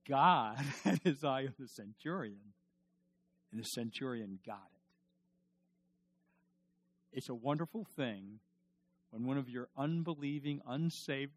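A male pastor preaching a sermon emphatically, repeating his questions and swinging from loud to hushed. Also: mid-range voice, expressive, slow, pauses often.

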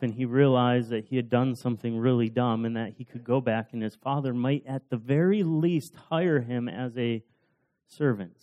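Male preacher, casual storyteller, mellow warm tone, relaxed sermon delivery. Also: mid-range voice, dull audio. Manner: casual storytelling with fillers and restarts.

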